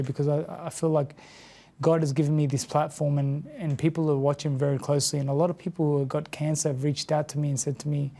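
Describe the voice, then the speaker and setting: A man from Australia in his thirties, a former boxer speaking as an interview guest, talking softly and haltingly, often repeating words. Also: on the high side, vocal fry. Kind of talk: emotional sit-down interview.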